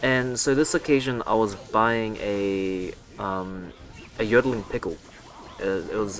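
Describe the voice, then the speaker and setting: A man's voice: fairly low pitch, moderate pace, a bit bright. A young man telling a story in a casual, rambling way, breaking off for sarcastic gaming asides. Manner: rambling and self-mocking, with sarcastic asides and swearing. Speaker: gaming vlogger. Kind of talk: casual storytelling over gameplay commentary.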